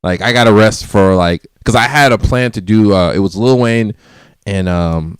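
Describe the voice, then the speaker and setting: A man's voice: fairly low pitch, normal speed, clean tone, no room sound. A man telling a party story in casual chat, acting out quotes and laughing often. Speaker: guest.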